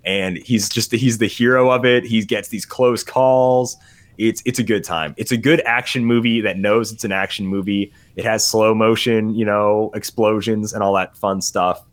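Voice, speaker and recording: Rambling low-voiced man reviewing movies. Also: steady tone, normal speed. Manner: rambling, easily sidetracked, laughs often. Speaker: podcast host. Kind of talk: casual movie review chat.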